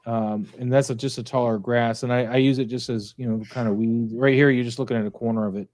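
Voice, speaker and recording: A man's voice: mid-range voice, steady tone, quick pace, darkish tone, no echo. A man hosting a casual livestream chat, rambling with many fillers in a friendly way. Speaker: podcast host.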